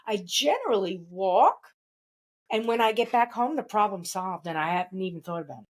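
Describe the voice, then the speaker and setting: A woman's voice: medium pitch, normal speed, rough recording. Female podcast host, casual and rambling, chats freely and laughs easily, mid-range voice. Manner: chatty and rambling, laughs often. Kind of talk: casual conversational interview.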